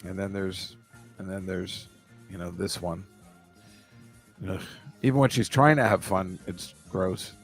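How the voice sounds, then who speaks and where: A man's voice: sits low, fairly even intonation, creaky, slightly rough, soft background music. Rambling man hosting a casual chat. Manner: rambling, halting, full of fillers. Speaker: podcast host.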